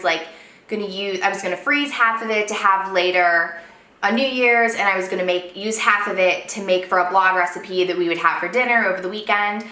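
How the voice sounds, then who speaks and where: Woman in her thirties, food blogger, bright voice, rambling with fillers, roomy echo. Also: medium pitch. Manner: chatty and rambling, many fillers. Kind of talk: casual vlog Q and A. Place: home room at night.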